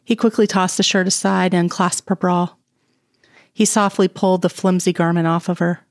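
Woman narrator, low-ish voice, soft and intimate read, dry close sound. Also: level tone, moderate pace, no echo. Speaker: audiobook reader. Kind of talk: reading romance fan fiction aloud.

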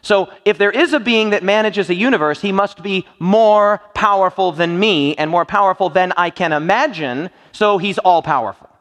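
The recording carries the long echo of a large hall, where a man is preaching, teasing the crowd with jokes and playful quiz questions. His voice sits high and a bit bright, moving at normal speed with hardly any pauses.

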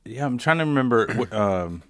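A man's voice: mid-range voice, animated, a little fast, a bit bright, no room sound. A man co-hosting a podcast, chatting casually and cutting in with short teasing asides. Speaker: podcast co-host. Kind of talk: casual chat.

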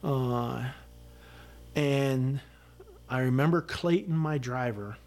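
A man's voice: mid-range voice, takes it slowly, darkish tone. A middle-aged man, a retired Army sergeant major, recounting a combat story as a podcast guest in blunt, vivid words with frequent fillers and swearing.

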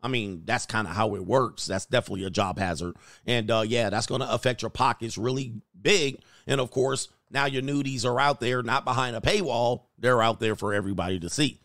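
A man's voice: medium pitch, a little fast, a bit bright, no echo, clean studio sound. A man hosting a casual reaction commentary, blunt and crude, riffing off clips he plays. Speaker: commentary channel host.

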